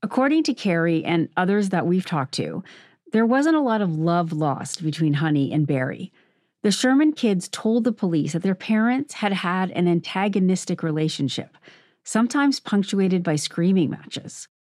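Low-voiced woman narrating a documentary. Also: no echo, clean studio sound. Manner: measured, even storytelling. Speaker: podcast host and narrator.

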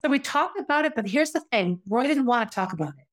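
A woman with a high, animated voice speaks at a quick pace as she tells her own story. She is candid and confessional, reflecting aloud in a conversational style with many restarts and asides.

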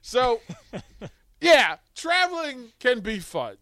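A man's voice: very high-pitched, very animated, drawn-out words, sharp tone. A man hosting a talk radio show, telling a funny story with lots of laughter.

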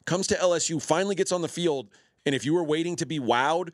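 A man's voice: on the high side, fast talker, dry recording, clean studio sound. A man hosting a sports betting talk show, making his points in a casual, opinionated way. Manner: opinionated, emphatic.

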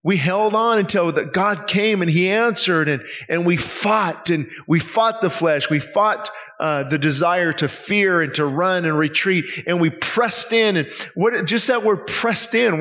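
Male pastor, slightly high voice, earnest and pleading sermon delivery, lots of rhetorical questions. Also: sharp tone. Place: church service.

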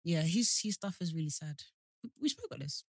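A woman's voice: lowish voice, expressive, a little fast, dry recording, clean studio sound. A young woman co-hosting a casual podcast, blunt and teasing, swearing freely. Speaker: podcast co-host. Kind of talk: casual chat.

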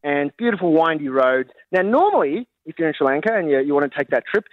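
A man, a podcast guest telling a story in a lively, animated way and laughing as he goes, on a slightly dull recording. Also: fairly high pitch, fast, dry recording. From Australia. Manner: animated, laughs while telling, acts out family members. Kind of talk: casual podcast anecdote.

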